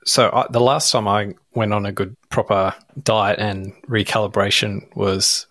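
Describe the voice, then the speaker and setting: A gravelly-voiced man in his thirties co-hosting a podcast, talking in a blunt, offhand way with the odd swear word. His voice is low, and the sound is dry and close. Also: flat delivery, measured pace, a bit bright, no echo. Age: 30s. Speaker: podcast co-host. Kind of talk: casual chat.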